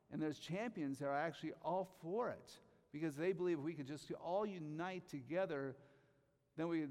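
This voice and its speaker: A man preaching a sermon, reading scripture slowly and rising to loud emphatic bursts on key phrases. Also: on the high side, gravelly, big-room sound. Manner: reads scripture aloud slowly.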